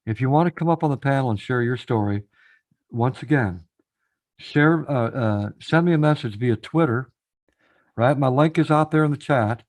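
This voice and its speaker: A man with a mid-range, slightly mellow voice talks at a moderate pace as host of a casual live stream panel. He's encouraging toward guests coming up to talk, repeats phrases often and addresses chat directly.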